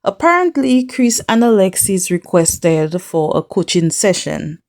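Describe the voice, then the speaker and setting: A woman hosting a reality TV recap in casual chat, sassy and animated, acting out the people she quotes and speaking straight to the viewer. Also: lowish voice, measured pace.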